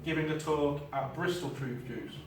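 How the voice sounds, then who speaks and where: A man talks to a live audience in an informal, joking way, full of ums and asides. His voice sits a little high. The recording is very echoey and noisy, as if picked up from across a large hall. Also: moderate pace, recorded from a distance. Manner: chatty, informal, self-deprecating with filler ums. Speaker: paranormal investigator giving a talk. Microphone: clip-on mic heard from a distance.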